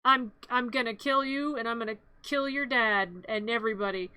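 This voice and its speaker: A woman's voice: on the high side, normal speed, pushed and bright, clean tone, no echo. A streamer voicing a spiteful, cruel old rich woman who snarls exaggerated threats.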